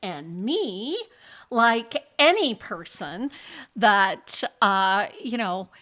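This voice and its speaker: Speaking in a mid-range voice that draws out its words, an older woman podcast host shares personal stories with candor. She's animated, frequently laughs, and performs other people's quoted remarks as she goes.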